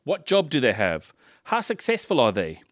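A man from Africa, preaching a sermon in a lively style full of rhetorical questions and humorous asides. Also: mid-range voice, normal speed, no echo, clean studio sound. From South Africa. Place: church in Liverpool.

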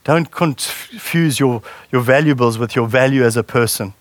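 A man's voice: mid-range voice, moderate pace, dry recording. A man preaching a sermon in a conversational way and putting questions to the congregation. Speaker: pastor.

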